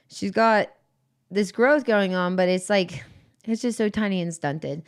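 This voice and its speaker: Woman, casual live-stream chat, swears, rambling restarts, drifts from the mic. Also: mid-range voice. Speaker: grower showing plants on a live stream.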